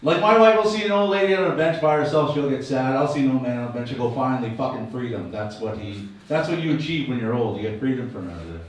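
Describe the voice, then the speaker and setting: A man's voice: medium pitch, expressive, quick pace, hardly any pauses, a little hiss or hum. A man in his fifties doing rambling, crude, self-mocking stand-up crowd work at an open mic, with a slight slur from dentures. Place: small comedy venue. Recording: echoey room, mic far off.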